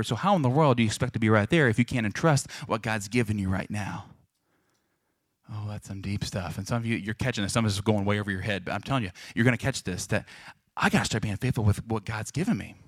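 Young pastor guy preaching, chatty then fired up, dry close sound. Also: no echo. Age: 20s. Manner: builds from low, conversational storytelling to loud, forceful preaching. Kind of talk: sermon.

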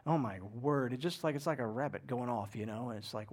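A middle-aged pastor preaching in a conversational, animated way, acting out people's inner voices. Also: male voice, mid-range voice, fairly quick, few pauses. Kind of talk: sermon.

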